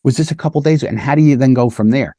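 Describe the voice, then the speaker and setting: Speaking very fast in a warm, mid-range voice, a police lieutenant delivers a relaxed lesson on interviewing, recorded in studio quality without echo. He often asks "right?" and briefly acts out what officers and children say.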